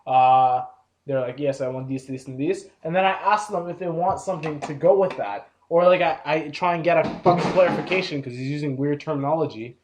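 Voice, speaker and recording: A man's voice: a little high, brisk, a little mellow, a little hiss or hum. A young man hosting a casual podcast, swearing often and laughing as he tells work stories. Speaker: podcast host. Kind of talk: casual drunken banter. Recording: echoey room, audio-only podcast.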